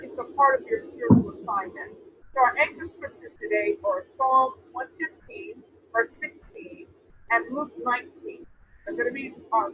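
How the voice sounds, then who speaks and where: A woman preaching a sermon, reading scripture aloud and asking the congregation questions. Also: sits high. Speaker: apostle preaching. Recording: tinny phone-like sound with faint noise.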